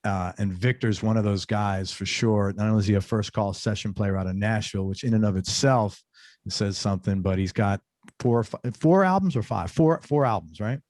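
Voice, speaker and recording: A man's voice: lowish voice, brisk, a little mellow, no room sound, studio quality. A man hosting an interview show, chatting loosely with asides and restarts as he introduces his guest. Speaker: podcast host. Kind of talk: casual interview chat.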